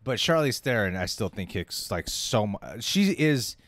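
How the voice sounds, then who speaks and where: A man co-hosting a casual live-stream chat about movies, opinionated and animated, laughing often. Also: on the low side, measured pace, dry recording, studio quality. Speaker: co-host of a movie talk stream.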